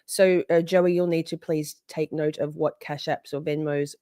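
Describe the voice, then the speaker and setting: A woman hosting a live stream, chatty and excitable, often exclaiming as she reacts. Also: low voice, normal speed, dry recording, clean studio sound. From Australia. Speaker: livestream host. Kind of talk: casual live-stream chat.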